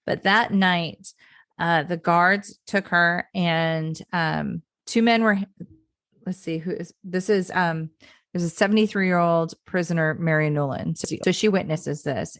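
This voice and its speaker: A woman on a podcast recounts history in a loose, chatty way, full of ums and restarts. Her voice sits a little low, and the recording is dry and close. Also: dry recording. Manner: chatty, laughs often, many fillers and restarts. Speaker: podcast co-host. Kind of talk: casual history podcast chat.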